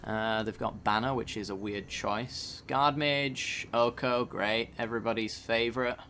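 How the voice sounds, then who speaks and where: A man's voice: medium pitch, steady tone, unhurried, pushed and bright, a little hiss or hum. A man casually commenting on his own card game as he plays, thinking aloud about each move. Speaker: gaming channel host.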